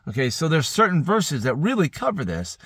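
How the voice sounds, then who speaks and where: A man's voice: a little high, wildly swooping pitch, brisk, fairly bright tone, slightly rough, dry recording, clean studio sound. A man preaching an early-morning Bible teaching, earnest and rambling, often correcting himself, sleepy and yawning. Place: indoors.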